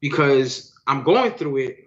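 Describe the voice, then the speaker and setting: A man's voice: medium pitch, lively intonation, slow, fairly bright tone. A man co-hosting a podcast in casual chat, slangy. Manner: slangy, calls listener "son" and "B". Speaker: podcast co-host. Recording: dull lo-fi sound.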